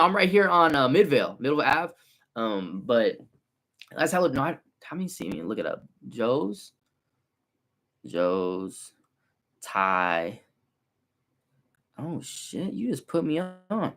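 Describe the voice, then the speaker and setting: A man in his twenties from the San Francisco Bay Area. He runs a car detailing business and talks through a casual livestream in loose, slangy, animated street talk. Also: on the high side.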